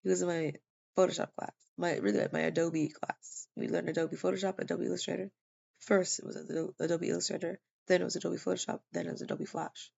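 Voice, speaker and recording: A woman tells a personal story in a loose, rambling way, stopping often on fillers and restarts. She is tired and yawning, and her voice is strongly gravelly with constant fry. The recording is dull and lo-fi. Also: on the low side, flat delivery, fast talker, darkish tone. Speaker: vlogger sharing a personal testimony.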